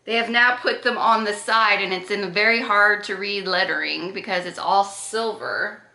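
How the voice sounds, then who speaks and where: A woman's voice: mid-range voice, normal speed, gravelly, sharp tone. A woman doing a casual makeup unboxing, chatty and gushing, with gasps and self-corrections. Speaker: beauty vlogger. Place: echoey room. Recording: roomy echo.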